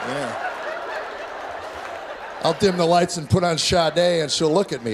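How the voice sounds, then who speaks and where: A middle-aged man performing a stand-up comedy set on stage, telling family stories with deadpan delivery and acted-out voices. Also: medium pitch, brisk, over a noisy crowd, very noisy. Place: comedy stage before live audience. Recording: live show with loud audience.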